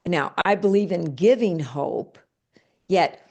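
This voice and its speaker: A middle-aged woman author talking in an interview, animated, acting out quoted phrases in different voices. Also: mid-range voice, unhurried. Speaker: author and guest. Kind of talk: interview conversation.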